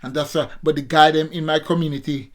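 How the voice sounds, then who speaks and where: A man's voice: fairly high pitch, fairly even intonation, quick pace. A Jamaican man around sixty, a former amateur boxer, talking to his viewers in a casual vlog monologue, preachy and repetitive, always calling out to his audience. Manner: preachy, repetitive, keeps addressing viewers as people.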